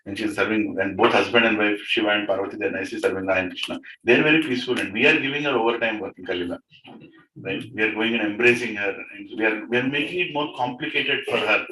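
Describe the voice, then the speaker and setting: Man giving a devotional talk in a house, bright voice, roomy sound. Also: lowish voice, fast. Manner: conversational, asks the audience "right?". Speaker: devotional speaker. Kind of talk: storytelling talk to a gathering. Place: room in a private house. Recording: roomy, distant mic, faint noise.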